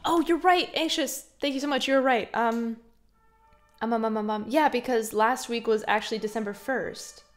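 A woman chatting casually on a live stream, reading chat and giggling often, with soft, mumbly trailing speech. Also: on the high side, normal speed, soft background music. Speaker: streamer and singer.

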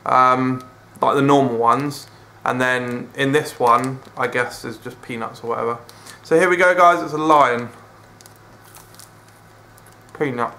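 A man's voice: mid-range voice, steady tone, normal speed, pushed and bright. A British man casually reviewing a snack, rambling and hesitant, talking with his mouth full. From United Kingdom. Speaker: food reviewer. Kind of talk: casual food review vlog.

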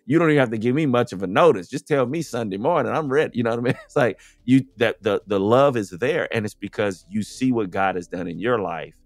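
A man's voice: medium pitch, quick pace, few pauses, no room sound. A man from the United States, a podcast guest, speaking in a casual, earnest conversational way and often saying "you know".

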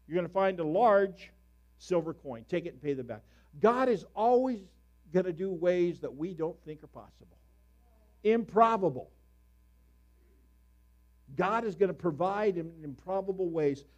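A middle-aged man preaching a sermon as a pastor, telling stories with sudden loud, animated bursts. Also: high-pitched, measured pace, long pauses.

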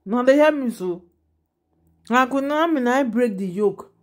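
A gossip vlogger with a Nigerian Pidgin accent chats casually to her viewers, her voice on the high side with lively intonation at a normal speed. She keeps breaking off for direct asides to her audience.

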